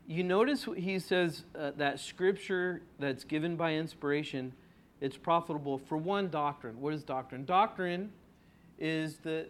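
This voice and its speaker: A man preaching an expository sermon in a conversational way, asking his congregation rhetorical questions and stretching out key words for emphasis. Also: on the high side. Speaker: pastor.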